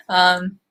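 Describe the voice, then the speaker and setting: A young woman hosting a casual live-stream Q&A, chatty and laughing often, reading out viewer comments and snacking as she talks. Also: pushed and bright. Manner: eating while talking. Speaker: beauty vlogger hosting a live Q&A.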